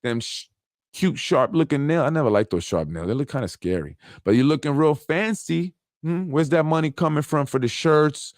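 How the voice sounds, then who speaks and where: A man's voice: a little high, lively intonation, dry recording, studio quality. Blunt mocking man ranting on local politics. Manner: blunt, mocking, mimics politicians in quick asides. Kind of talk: casual ranting monologue.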